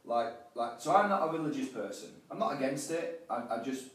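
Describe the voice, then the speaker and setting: A Yorkshire man chats as an interview guest, telling lively stories at a quick clip and often restarting his sentences. His voice sits at a middling pitch. The recording sounds very echoey, with the mic set some distance away. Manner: lively storyteller with frequent restarts. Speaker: guest, life and business coach. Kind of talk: casual conversational interview.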